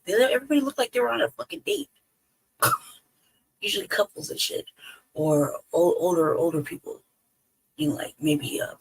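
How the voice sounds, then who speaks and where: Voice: medium pitch, gravelly, slightly rough, poor audio. A live-stream host from Colorado telling a profane, rambling story at home, swearing constantly and laughing between lines. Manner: lively storytelling with quoted asides. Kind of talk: casual profane rant. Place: home, indoors.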